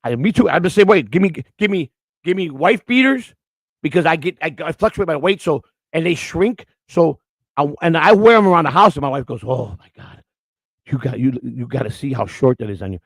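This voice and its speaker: A man co-hosting a morning show, telling stories in loud, outspoken casual chat. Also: on the high side, fairly quick, dry recording. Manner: loud, outspoken, animated storyteller.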